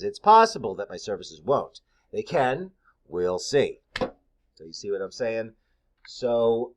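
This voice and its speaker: A middle-aged man, a massage therapist, giving casual, candid advice in a blunt, conversational way with plenty of fillers. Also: medium pitch.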